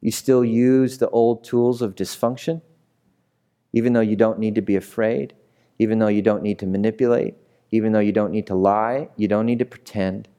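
A male pastor delivers a passionate sermon in a lowish, mellow, smooth voice with little pitch movement and a normal speed. He repeats phrases and puts direct questions to his listeners.

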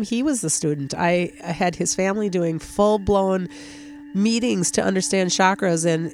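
A woman, an energy healer being interviewed, tells a personal story in a heartfelt, halting way, close to tears and full of fillers. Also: fairly low pitch, gravelly, a little mellow.

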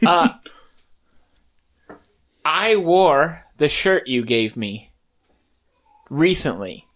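Jokey, lively podcast co-host. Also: male voice, on the high side, extremely slow. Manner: jokey, laughs often, does impressions. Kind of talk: casual chat.

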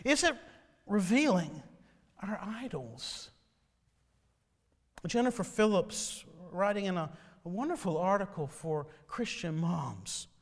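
A man's voice: high-pitched, a bit bright. A man preaching a sermon as a pastor, earnest, piling up rhetorical questions and addressing the congregation directly. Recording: long hall reverb.

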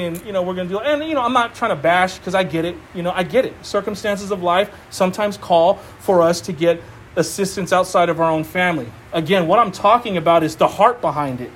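Excitable high-voiced male preacher. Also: slight background noise. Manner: excitable, stammering restarts, laughs often. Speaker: pastor. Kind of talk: sermon.

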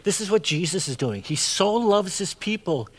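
A man's voice: sits high, very animated, normal speed. A middle-aged man preaching a sermon as pastor, chatty and full of asides and "right?" tags.

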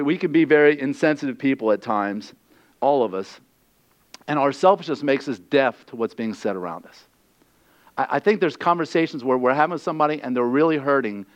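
A male pastor preaching a sermon in a conversational, animated way, acting out the quoted lines. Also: mid-range voice, dull audio.

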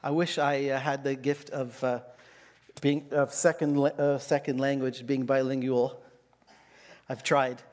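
A pastor giving a sermon in a casual, self-deprecating, joking manner. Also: male voice, mid-range voice, little pitch movement, measured pace, darkish tone. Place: church.

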